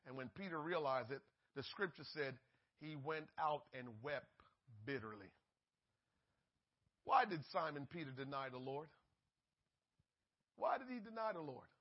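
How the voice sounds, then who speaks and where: A man preaching a sermon, swinging from shouted peaks to hushed asides and acting out the voices in the story. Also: on the high side, expressive, measured pace, pauses often, muffled recording.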